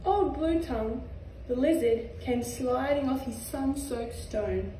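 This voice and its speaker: A young Australian woman reading a children's picture book aloud in a gentle, sing-song way. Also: high voice, takes it slowly, slight background noise. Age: young adult. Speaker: reader, footballer. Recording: echoey room, far from mic.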